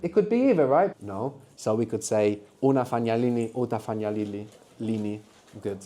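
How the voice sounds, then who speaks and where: Mellow-voiced male language teacher. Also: mid-range voice, animated, moderate pace. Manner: patient, prompting students with questions. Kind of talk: live classroom language workshop. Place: lecture room at a university.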